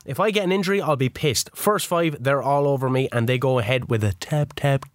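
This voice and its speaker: A man's voice: mid-range voice, fairly quick, no room sound, studio quality. A man co-hosting a casual podcast, recounting his video-game matches with plenty of swearing. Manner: swears freely, storytelling match recaps. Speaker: podcast co-host. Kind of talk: casual chat.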